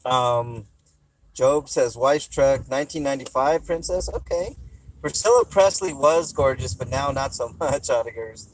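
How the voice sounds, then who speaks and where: A man's voice: mid-range voice, measured pace, poor audio. A man hosting a casual livestream, joking around and reading viewer comments aloud while chewing gum. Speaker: livestream host.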